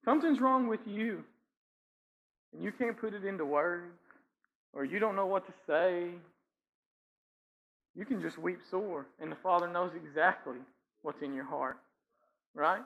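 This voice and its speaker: A pastor preaching a sermon in a church, talking conversationally with frequent "right?" asides and light chuckles. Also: male voice, high voice, measured pace, vocal fry, pauses often, a bit bright, muffled recording. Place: church sanctuary.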